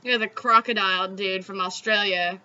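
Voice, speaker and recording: A woman with a Southern accent from the Southeastern United States hosts a casual chat, giggling and swearing freely as she talks. Her voice is medium-pitched and steady, fairly quick, pushed and bright. The recording has a dull, lo-fi quality.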